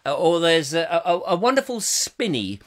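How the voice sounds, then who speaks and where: Bloke hosting a silly live chat, high bright voice, rambly and jokey, lots of laughing. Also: male voice, big pitch swings, normal speed. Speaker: chat show host. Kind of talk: comic live-stream chat reading comments.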